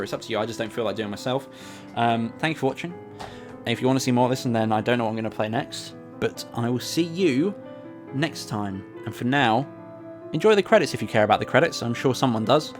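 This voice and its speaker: A man hosting a gaming video, reading game subtitles aloud in a relaxed, chatty way between his own comments. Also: mid-range voice.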